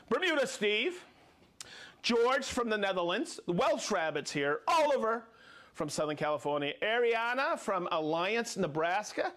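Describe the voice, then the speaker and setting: A man hosts a live show with a high, bouncing voice that swings all over. He jokes and laughs often as he reads off the names of viewers. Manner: energetic, jokey, laughs often. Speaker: host of a live product show. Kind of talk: lively live-stream chat reading viewer shout-outs.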